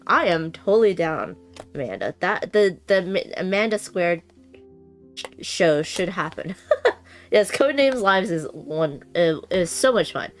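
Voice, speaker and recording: A woman's voice: lowish voice, expressive, unhurried, faint music behind. A woman chatting casually with her live-stream viewers while unboxing a board game, bubbly, laughing often and using many fillers. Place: home room with noisy bathroom upstairs.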